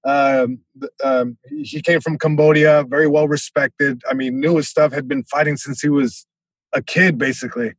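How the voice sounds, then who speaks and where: A male comedian telling a story in casual podcast chat, lively, acting out voices, with many restarts. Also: medium pitch, moderate pace, no echo. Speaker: comedian guest.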